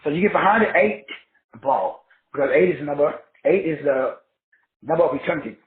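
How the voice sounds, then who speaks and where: Brisk and a little high-voiced, a man preaches as a self-help teacher, spelling out words letter by letter and hammering home answers to his own questions through repetition. Slight background noise accompanies the tinny, phone-like sound of an echoey room.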